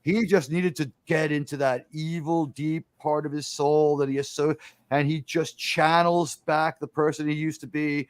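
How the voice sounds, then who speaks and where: A man's voice: fairly high pitch, moderate pace, dry recording. Dry-voiced man retelling movie scenes. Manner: animated storytelling, acting out movie lines; rambling with frequent fillers and restarts. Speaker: podcast host. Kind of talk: casual film discussion.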